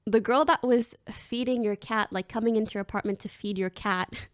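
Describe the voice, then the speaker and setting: A woman's voice: a little high, unhurried, long pauses, dry recording. A young woman streamer casually telling her chat a story, swearing freely and acting out what people said. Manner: animated, swears freely, acts out quoted lines.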